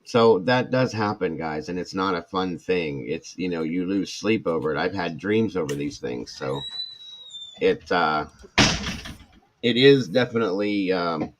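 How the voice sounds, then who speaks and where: A man's voice: low-pitched, lively intonation, unhurried, slight background noise. A middle-aged man, a former firefighter and paramedic, talking candidly to viewers in a rambling way, full of restarts and asides. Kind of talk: casual talk to viewers.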